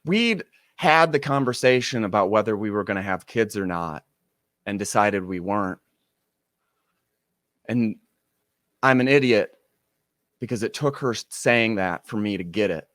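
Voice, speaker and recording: A man telling a personal story on stage, animated, acting out the people he quotes with sudden jumps in voice. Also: on the low side, measured pace, pauses often, dry recording, clean studio sound.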